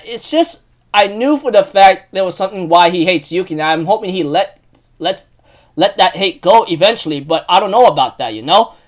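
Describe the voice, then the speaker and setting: A man recapping an anime episode in a casual, rambling way, with many fillers and restarts and sudden emotional outbursts. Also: sits high. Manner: bursts into loud excited outbursts.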